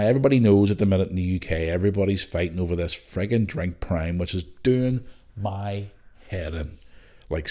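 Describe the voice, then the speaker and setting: A man's voice: low-pitched, darkish tone. Exasperated man ranting. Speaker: podcast host. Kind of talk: solo podcast rant.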